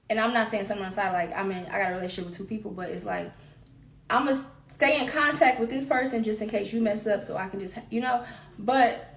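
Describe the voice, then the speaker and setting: A woman's voice: mid-range voice, creaky, recorded from a distance. A woman hosting her own podcast, talking candidly and at length about her feelings, repeating phrases for emphasis. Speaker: podcast host. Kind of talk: solo confessional podcast talk. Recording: roomy echo.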